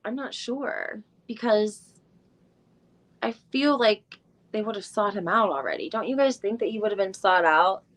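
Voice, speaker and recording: A woman's mid-range voice moves with lively intonation at a measured pace. She's hosting a live recap podcast, chatting casually on a stream and thinking aloud while searching online, rambling with lots of fillers and a bit of mild swearing.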